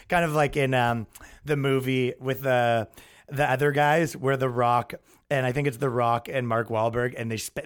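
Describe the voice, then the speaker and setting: A young adult man hosting a podcast, ranting casually and acting out quotes in his own voice. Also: mid-range voice. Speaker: podcast host. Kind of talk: casual comedic rant.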